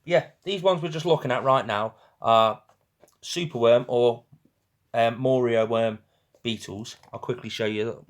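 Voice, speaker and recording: A young man from St Helens in northwest England hosts a casual live stream, his medium-pitched voice unhurried and carrying a northwest English accent. He's chatty and teasing, laughing often with his viewers.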